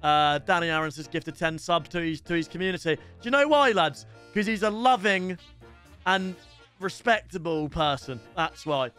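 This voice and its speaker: A man's voice: a little high, expressive, normal speed, a bit bright, clean tone, faint music behind. A man hosting a reaction video, chatting casually and poking fun at himself as he talks to his viewers. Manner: chatty, self-mocking, lots of restarts.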